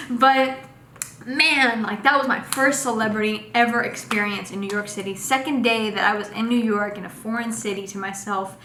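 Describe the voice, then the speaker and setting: A young woman casually telling a personal story in a vlog, animated and full of fillers. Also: fairly high pitch, moderate pace. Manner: animated, acts out quotes with lots of fillers. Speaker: vlogger. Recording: echoey room with faint noise.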